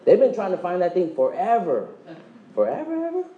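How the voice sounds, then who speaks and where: Man, motivational sales talk, high voice, jokey, quizzes audience, echoey room. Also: lively intonation, narrow, tinny audio. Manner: joking, quizzes the audience, acts out quick dialogues. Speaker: presenter at a direct-sales meeting. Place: meeting room with live audience.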